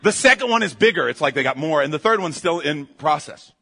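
A man preaching a conversational sermon. He tells stories in an animated way, restarts his phrases and keeps checking in with his listeners. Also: a little high, a little fast, breathy edge. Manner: self-interrupting, restarts phrases. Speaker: pastor.

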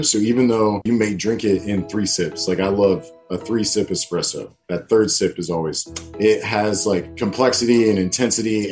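A man with a very low voice explains as a guest expert. He sounds relaxed and enthusiastic. Soft guitar music plays under him. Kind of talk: interview explanation.

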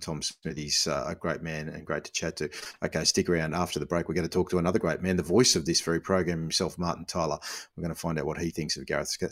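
A man hosting a podcast, chatty and relaxed, with many fillers. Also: very deep voice. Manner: chatty, laughs easily, filler-heavy. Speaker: podcast host. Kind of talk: casual chat and read ad.

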